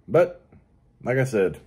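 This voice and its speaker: A man's voice: medium pitch, a little mellow, husky. A middle-aged man hosting his own show, talking casually in a crude, profane, joking way. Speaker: podcast host. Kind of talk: casual solo monologue.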